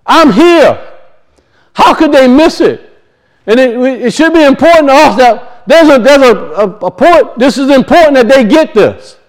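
A man's voice: extremely high pitch, animated, moderate pace, hardly any pauses, low-quality recording. A man preaching a sermon, emphatic and repetitive, firing off rhetorical questions to his congregation.

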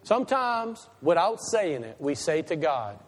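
A pastor preaches at a measured pace in a high, lively voice, rising to loud, emphatic peaks before dropping into quiet, confiding asides. Long reverb trails his words like a church hall.

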